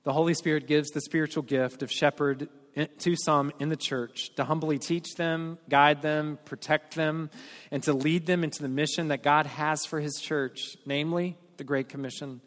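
A man delivering a sermon as pastor, telling stories with energy and then speaking earnestly and softly. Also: a little high, normal speed. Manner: storytelling, animated then earnest and quiet. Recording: hall reverb.

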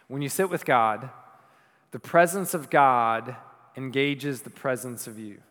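A male pastor preaching a sermon, moving between loud emphatic passages and soft, hushed ones. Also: fairly high pitch, big-room sound. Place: church.

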